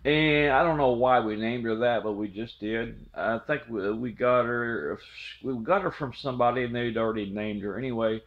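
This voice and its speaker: A man's voice: mid-range voice, normal speed, few pauses, narrow, tinny audio. A middle-aged man, casually telling a memory, rambling and repeating words. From southwest Ohio. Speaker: channel host telling a memory. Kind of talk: casual storytelling.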